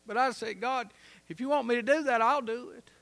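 Gravelly high-voiced preacher. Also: male voice, a little fast. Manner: storytelling sermon, rising to loud emphatic peaks. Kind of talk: sermon.

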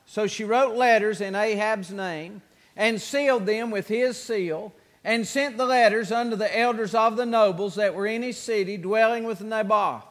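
A man's voice: high voice, moderate pace, in a large hall. A man preaching a sermon as pastor, reading scripture aloud in a raised, emphatic voice.

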